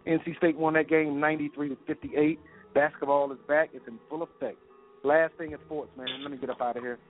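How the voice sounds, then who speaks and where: A man hosting a sports segment on a radio show, reeling off scores quickly and dropping "man" between items. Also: fairly high pitch, flat delivery. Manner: rapid score rundown, peppered with "man". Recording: tinny phone-line sound with faint music.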